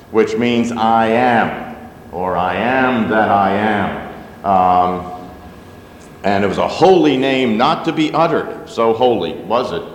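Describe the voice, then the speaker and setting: Speaking at a medium pitch, a man serving as pastor preaches to his congregation in a loose, conversational way, with plenty of asides and fillers. There's a little hiss or hum, and the sanctuary's long reverb fills the room.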